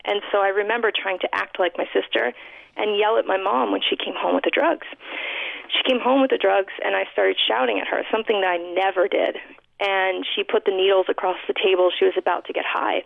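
A woman's voice: mid-range voice, fairly even intonation, a little fast, gravelly, no room sound. A woman from New York City, a guest author in a radio interview, telling her life story in a heartfelt, reflective way with frequent restarts. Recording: dry, thin phone-like line.

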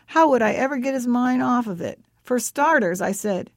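Woman author reading her own story aloud, expressive, fairly high voice, dry close sound. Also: moderate pace, no room sound. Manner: expressive, voices the characters' lines with lively shifts. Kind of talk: first-person story reading.

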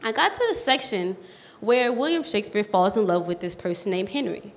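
A teenage girl from New telling a personal story on stage, lively and youthful, with quick bursts of excitement. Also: mid-range voice. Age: teens. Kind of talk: live storytelling. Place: community school event space. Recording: long hall reverb.

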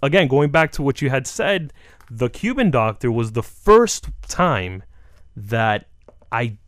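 A man's voice: mid-range voice, slow pace, dry recording, studio quality. A man, a comedian, telling stories in a casual interview, acting out quotes and laughing as he goes. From South Florida. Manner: animated, acts out quotes with laughs. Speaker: comedian guest.

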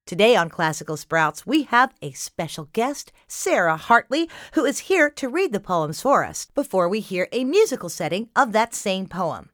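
A woman's voice: mid-range voice, sing-song, moderate pace, hardly any pauses, fairly bright tone, no room sound, clean studio sound. A woman hosting a children's classical music podcast, explaining things simply and cheerfully to young listeners. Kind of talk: scripted kids' podcast narration.

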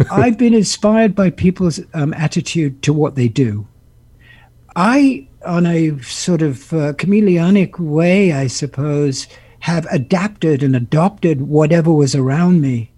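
A man in his seventies, a guest actor and musician, telling animated stories with laughter and impressions in an interview. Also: fairly high pitch, slow, husky, dry recording. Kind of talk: interview storytelling.

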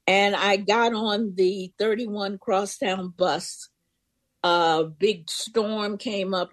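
A woman's voice: medium pitch, no echo. Older woman telling her life story. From Memphis. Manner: vivid storyteller, acts out voices in quotes. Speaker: interview guest. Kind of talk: personal storytelling.

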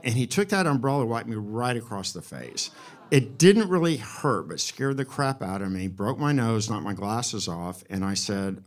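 A man in his sixties telling a true story at a live storytelling event, wry and profane with a deadpan delivery. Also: medium pitch, moderate pace. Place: live event before an audience.

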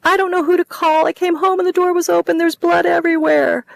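A woman's voice: moderate pace, a bit bright, no room sound. A woman reading a novel aloud, voicing a hysterical, sobbing woman on the phone. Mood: panicked. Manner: shrill, wailing.

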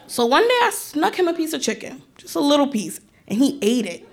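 Lively young woman telling a story. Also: high-pitched, fairly quick, creaky. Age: young adult. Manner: animated, acts out relatives' voices. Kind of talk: live stage storytelling.

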